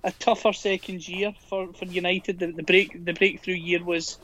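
A man, co-hosting a podcast and giving candid, measured football analysis with frequent restarts. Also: high-pitched, flat delivery, pushed and bright, poor audio. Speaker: podcast co-host. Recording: volume going up and down.

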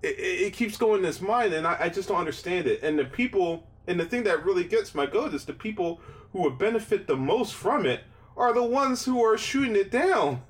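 A man's voice: high voice, lively intonation, a little fast. A middle-aged man co-hosting a podcast, talking in a rambling way, repeating his words and swearing freely. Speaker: podcast co-host. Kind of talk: casual chat.

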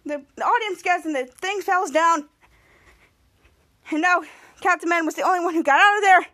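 A woman with a strikingly high voice retells a TV episode scene by scene for her podcast. She stumbles, restarts and backtracks as she goes. The sound is dry and close, with no room echo. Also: sharp tone. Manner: halting retelling with frequent restarts. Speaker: podcast host. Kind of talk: casual TV episode recap.

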